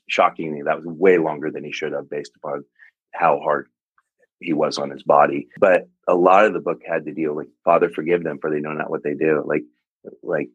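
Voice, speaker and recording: Very deep-voiced, husky man. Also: no room sound, dull audio. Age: 40s. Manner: earnest, reflective, halting with restarts. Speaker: pastor and author. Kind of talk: personal storytelling in an interview.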